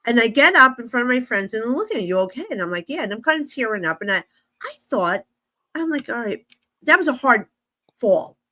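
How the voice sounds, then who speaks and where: Jersey lady telling stories, lots of likes and ums, slightly high voice. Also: fast talker. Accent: New Jersey. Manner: lively, acts out voices, many fillers. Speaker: guest psychic medium. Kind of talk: animated storytelling in conversation.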